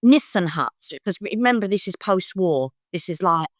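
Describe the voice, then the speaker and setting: In clean studio audio with no echo, an older woman from London, a psychic guest, chats casually at normal speed. Her storytelling is lively, and she voices the people she quotes in quick high-pitched bursts.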